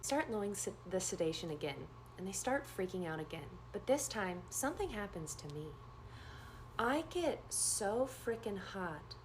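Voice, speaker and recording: A woman nurse telling a story in a casual first-person way, animated and acting out the dialogue. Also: normal speed, a little hiss or hum. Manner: animated, acts out quoted dialogue with big pitch jumps.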